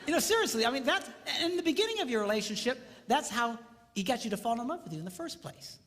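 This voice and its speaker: A man's voice: very high voice, fast talker. A middle-aged man giving a comedic marriage seminar on stage before a live audience, acting out voices and sounds as he tells stories. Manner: animated, acts out voices and sounds mid-story. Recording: reverberant live hall, faint noise.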